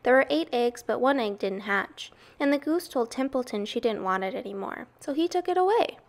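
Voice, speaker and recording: A woman's voice: a little high, animated, fairly quick. A woman voicing an eager young farm girl in a storybook read-aloud, chatty as she tells her news.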